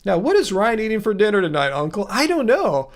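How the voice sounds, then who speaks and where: A man's voice: high-pitched, sing-song, a little fast. A man hosting a casual livestream, reading viewer comments aloud and answering them in a rambling way, with many restarts and fillers. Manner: chatty, reads viewer comments aloud and replies. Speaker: livestream host answering chat.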